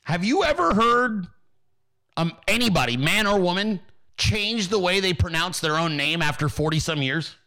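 A man's voice: high-pitched, animated, moderate pace, pushed and bright. A man hosting a political commentary show, ranting and mocking with constant swearing.

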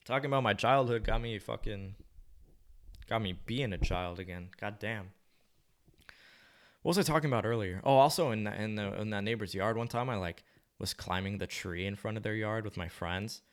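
A young man with a very deep voice talks in a loose, rambling monologue. He muses aloud in a laid-back, slangy manner and swears casually as he drifts from thought to thought. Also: normal speed.

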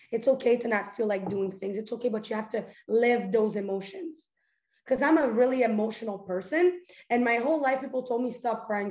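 A woman's voice: fairly high pitch, darkish tone. Goofy, chatty young woman in an echoey room. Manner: goofy, chatty, earnest, fillers like "like". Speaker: host. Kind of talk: casual motivational talk.

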